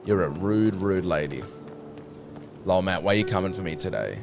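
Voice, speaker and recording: A man's voice: low-pitched, big pitch swings, normal speed. A British man streaming a game, chatting casually, swearing and joking as he reads chat aloud. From Britain. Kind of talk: casual gaming commentary. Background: background music.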